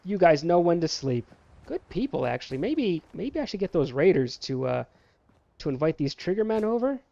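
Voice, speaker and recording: A streamer doing a relaxed let's-play talks to the game characters like a parent telling kids it's bedtime, playful and scolding. His slightly high voice is gravelly and warm, very animated at a normal speed. The recording is dry and dull.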